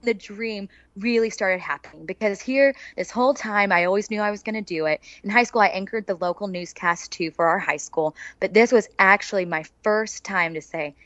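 A woman with an Oklahoma accent, telling her career story as an interview guest in a lively, chatty way. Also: mid-range voice, moderate pace, few pauses, dry recording. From Oklahoma, USA. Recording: dull, dry lo-fi sound.

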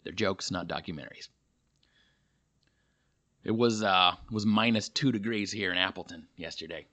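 A man's voice: deep voice, moderate pace, sharp tone. A male comedian talking through a casual, rambling monologue, full of fillers and self-deprecating asides. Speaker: comedian and podcast host.

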